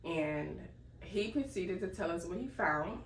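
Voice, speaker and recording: A young woman telling a casual, animated story and laughing as she goes. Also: lowish voice, measured pace. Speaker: vlogger. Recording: echoey room, distant mic, faint noise.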